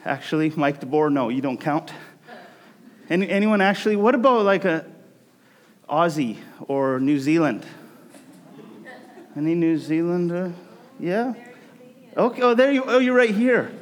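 A man's voice: a little high, animated, measured pace, long pauses. A man leading a casual, joking talk to his church congregation as its pastor. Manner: chatty, joking, self-interrupting.

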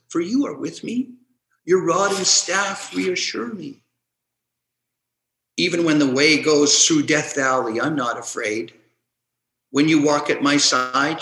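A man preaching a sermon, reading scripture aloud in a measured, deliberate way with dramatic swings between loud and hushed. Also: a little high, creaky, roomy sound, rough recording. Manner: slow, measured delivery with dramatic shifts in loudness.

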